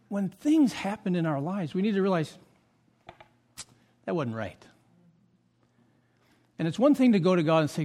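A male pastor preaching a sermon, telling a personal story with acted quotes and dropping soft and low for confessions. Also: big pitch swings, moderate pace, pauses often.

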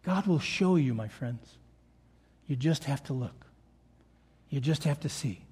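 A man's voice: mid-range voice, expressive, a little slow, mellow, breathy edge. An older man preaching a sermon to his church, earnest and repeating key phrases for emphasis. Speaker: pastor. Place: church meeting room.

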